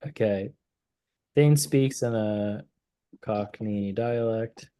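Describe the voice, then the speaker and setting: A man hosting a casual software demo livestream, relaxed and thinking aloud as he clicks through the tool. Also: on the low side, slow pace. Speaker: host of a product livestream.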